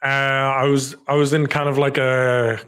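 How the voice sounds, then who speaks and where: A man's voice: mid-range voice, flat delivery, unhurried, fairly bright tone, clear, resonant tone. A young man in casual podcast chat who lays out his story step by step, checking in with his listeners. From Ireland. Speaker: podcast co-host.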